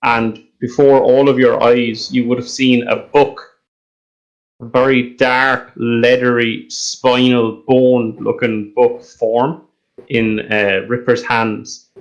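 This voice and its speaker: A man running a tabletop game as dungeon master, narrating the scene in steady description with frequent ums and uhs. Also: medium pitch, takes it slowly, dull audio.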